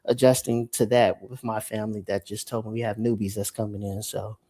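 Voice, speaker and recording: A man chatting in a relaxed, friendly way as a livestream guest. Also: lowish voice, fairly quick. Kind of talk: casual chat.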